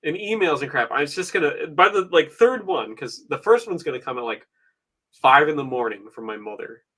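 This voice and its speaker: A man's voice: on the high side, lively intonation, brisk, bright, forceful tone. A man in his thirties chatting casually on a stream, rambling, wry and full of swearing. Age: 30s. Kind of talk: casual chat.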